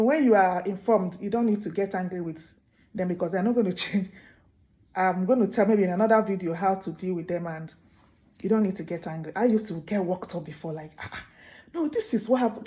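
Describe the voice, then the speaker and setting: A woman hosting a show, telling a folk tale in an animated, casual way with many restarts. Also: mid-range voice. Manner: animated, full of restarts and laughs. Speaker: host. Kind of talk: casual storytelling to camera.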